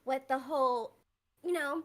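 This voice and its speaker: A woman talking as a guest on a casual podcast, an enthusiastic storyteller who stammers when excited. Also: high voice, unhurried, background noise. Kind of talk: casual chat.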